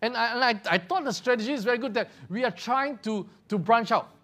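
Man, sermon, high voice, repeats words, rhetorical questions. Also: brisk, a bit bright. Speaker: pastor.

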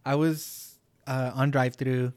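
A man's voice: medium pitch, little pitch movement, unhurried, darkish tone, clear, resonant tone, dry recording. A young man, a podcast co-host, telling a work story in casual chat, rambling with lots of "like" and swearing. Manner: rambling, heavy use of "like", swears.

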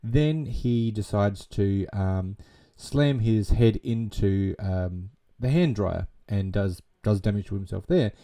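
A man with a low, very dark and mellow voice rambles through a film's plot in a casual retelling. He leans on constant fillers and casual swearing as he goes. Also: slow pace. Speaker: film recap narrator.

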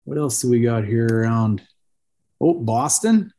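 A man's voice: medium pitch, animated, measured pace, mellow. A man, co-hosting a casual podcast and telling rambling, profane stories. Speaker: podcast co-host.

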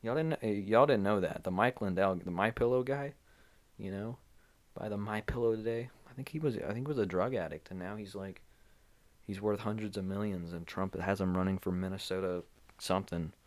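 Deep-voiced guy doing his solo podcast half awake, loose and rambly, lots of uhs, cozy pillow-filled room. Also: brisk. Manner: loose, unscripted, drifting between topics with many fillers. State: groggy, just woken up. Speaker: podcast host. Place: small home room full of blankets and pillows.

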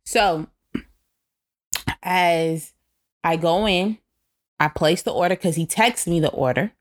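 Woman with a lowish voice, chatty storytelling, talks right to the viewers. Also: slow. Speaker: co-host. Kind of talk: casual chat.

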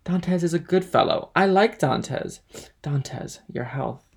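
A loud drunken braggart from a storybook slurs and blusters, all bluster and swagger, as a man reads him. his voice has a gravelly, rough edge to it. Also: fairly high pitch, expressive, measured pace, pitched above the performer's own voice, heavily acted. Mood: tipsy rambling. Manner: blustering, tipsy. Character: drunken loud tavern man, boastful and sloppy.

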